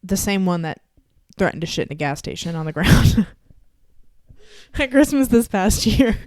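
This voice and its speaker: A woman's voice: mid-range voice, animated, unhurried, darkish tone, dry recording, studio quality. A young woman from Texas, co-hosting a podcast, chatting casually and telling stories with lots of fillers and frequent laughter. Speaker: podcast co-host. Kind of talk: casual chat.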